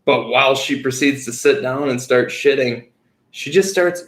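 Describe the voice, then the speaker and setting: A young man co-hosting a podcast, telling stories in a profane, animated way. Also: mid-range voice, normal speed, roomy sound. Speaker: podcast co-host. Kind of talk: casual chat.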